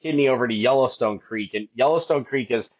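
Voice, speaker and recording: Earnest middle-aged man, lo-fi sound. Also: a little fast. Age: 50s. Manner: rambling, with many restarts, and raises his voice high to quote his wife. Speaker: podcast guest, hiker. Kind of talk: emotional storytelling in a podcast interview.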